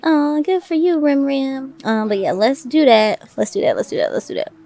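A woman giving casual, excitable let's-play commentary and talking to her viewers. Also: high-pitched, normal speed, faint music behind. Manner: excitable, chatty, addresses viewers as y'all. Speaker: gaming video host.

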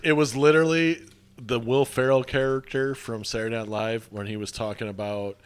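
A man's voice: mid-range voice, steady tone, normal speed, clean tone. A young man co-hosting a podcast in casual chat, easygoing and telling stories. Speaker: podcast co-host.

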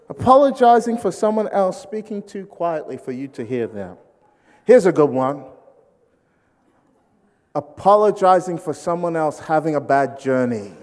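The speaker is a man from Britain, accent British English, whose sermon is built on humorous storytelling. Animated, he acts out the people he quotes and jokes with the crowd, his fairly high voice moving a little slowly. Long hall reverb colors the recording.

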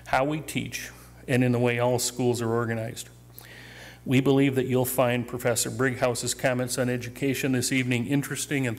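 Male event host, measured formal read of a speaker intro. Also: medium pitch. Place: theater stage.

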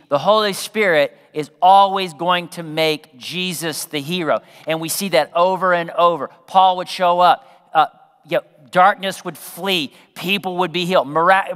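A man preaching a sermon as pastor, talking conversationally to the congregation, throwing in asides and acting out quotes, sometimes dropping to a soft hush. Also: sits high, smooth, long reverb tail. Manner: drops to a soft, hushed voice for quoted prayerful words.

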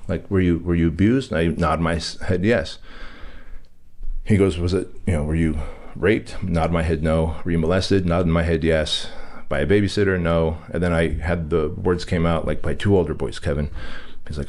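A man's voice: deep voice, steady tone, normal speed, a little mellow. A man from Armenia, a podcast guest, candidly tells a personal story and acts out the quoted dialogue with emphasis.

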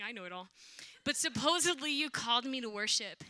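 A young woman shares a testimony from the church stage. She is animated and acts out the voices in her story. Her voice sits a little high and is very bright and cutting, with a dry, close sound. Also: quick pace, no room sound. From Southern California, USA. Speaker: worship leader. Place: church sanctuary.

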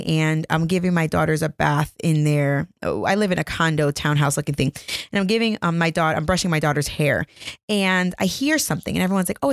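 A woman's voice: low-pitched, creaky, no echo, clean studio sound. A woman in her thirties hosting a podcast, telling a story in a casual, chatty, laughing way into a microphone at home. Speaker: podcast host. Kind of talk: casual chat. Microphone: studio microphone.

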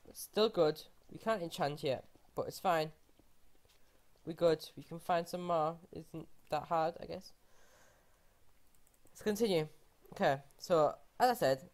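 A woman casually commenting on her own game play, excitable, often gasping and exclaiming in disbelief. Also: low-pitched, a little slow. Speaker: gaming channel host.

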